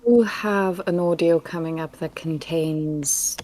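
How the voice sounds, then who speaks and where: Mellow low-voiced woman, measured. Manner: thoughtful, measured, laughs softly. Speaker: co-host and voice actress. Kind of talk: casual live stream chat.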